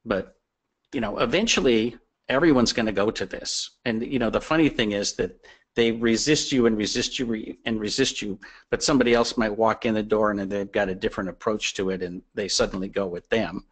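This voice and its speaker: A man's voice: fairly low pitch, a little fast. A man appearing as a guest expert on a webinar, explaining business advice in a conversational, persuasive way with anecdotes.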